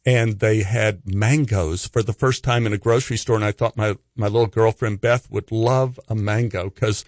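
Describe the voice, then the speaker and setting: A middle-aged actor telling an anecdote as a guest on a radio show. He is a lively storyteller who acts out the voices in his tale. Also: on the low side, normal speed, no echo, clean studio sound. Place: radio studio.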